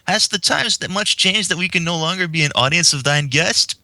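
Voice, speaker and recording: A man's voice: high-pitched, a little fast, sharp tone, no room sound, pitched above the performer's own voice, exaggerated voice. A man voicing a regal young female pony princess who speaks in old-fashioned thee-and-thou phrasing, read aloud from a fan comic. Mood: pleading.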